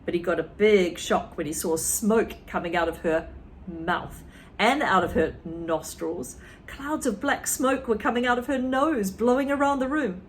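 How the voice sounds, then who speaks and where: A woman teacher reading a children's story to a class, with expressive delivery and asides to the listeners. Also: medium pitch, a little slow, a little hiss or hum. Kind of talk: children's story read-aloud.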